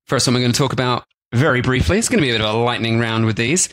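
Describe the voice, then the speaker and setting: A man's voice: medium pitch, racing, a bit bright, no echo. A man co-hosting a food podcast, rambling and joking, with lots of "like" in casual chat. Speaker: podcast co-host.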